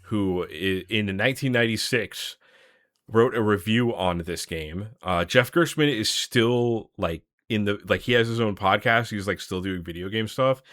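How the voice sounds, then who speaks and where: A young adult man co-hosting a podcast, chatting with excitement and laughing often. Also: fairly low pitch, normal speed, no echo, clean studio sound. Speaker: podcast co-host. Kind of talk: casual podcast chat.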